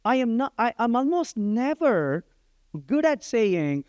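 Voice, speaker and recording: A man's voice: very high-pitched, very animated, slow pace, a little mellow, clean tone, no echo, studio quality. A middle-aged man giving a live-coding lecture, talking in a conversational way and often checking in with "right?". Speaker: programming instructor.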